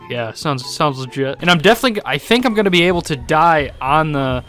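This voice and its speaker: A man's voice: fairly high pitch, a little fast, hardly any pauses, fairly bright tone, faint music behind. A young man giving casual, sarcastic let's-play commentary, joking and swearing freely as he plays. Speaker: gaming YouTuber.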